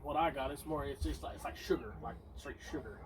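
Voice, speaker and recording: A man's voice: medium pitch, quick pace. A man hosting a casual pipe-smoking chat, laid-back and folksy. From Tennessee. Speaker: host. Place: front porch, outdoors. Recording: distant mic with faint outdoor noise.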